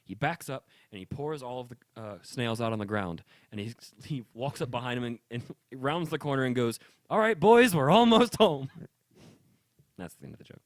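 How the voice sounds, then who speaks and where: A man on a home podcast mic rambles through a long joke, pausing and restarting as he goes and dropping into quick voices for the characters. His pitch sits right in the middle for a man, and the recording is dry and close, with no room sound. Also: no echo. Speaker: podcast co-host. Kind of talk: casual chat, telling a long joke.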